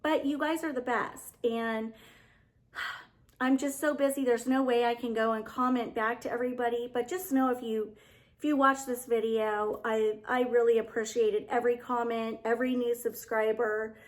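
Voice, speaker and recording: A woman with a fairly high voice talks to her viewers in a casual decor vlog, gushing and chatty. She sounds heartfelt and eager. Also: little pitch movement, normal speed. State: getting emotional. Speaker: home decor YouTuber.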